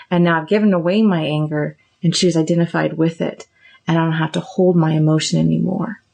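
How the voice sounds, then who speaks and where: A woman's voice: fast talker, gravelly. A middle-aged woman therapist hosting a podcast, explaining ideas casually and acting out little example dialogues. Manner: animated, acts out example dialogues with raised pitch.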